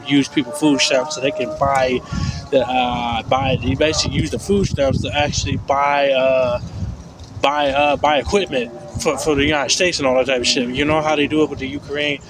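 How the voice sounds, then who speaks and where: Rambling, cursing man ranting outdoors. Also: medium pitch. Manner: rambling, repetitive, profane. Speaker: vlogger. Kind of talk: casual rant. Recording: outdoor street noise.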